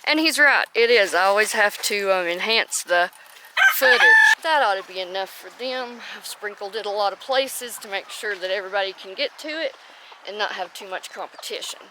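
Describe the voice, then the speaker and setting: This is a woman homestead vlogger making casual conversation as she works through chores outside at the chicken and rabbit pens. She frequently pauses to coo at her chickens, calling them by name. Her voice is medium in pitch and moderately paced, with noise in the background.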